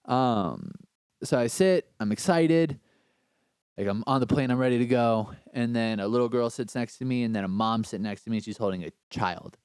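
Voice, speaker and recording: A man telling a story as a podcast guest, animated and slangy, swearing freely. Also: medium pitch, moderate pace, smooth, no room sound. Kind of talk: casual storytelling.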